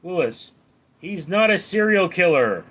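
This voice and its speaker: A man's voice: high voice, big pitch swings, a little slow, a bit bright. A man hosting a casual live stream, reading viewers' names and questions aloud and answering them in a dry, offhand way.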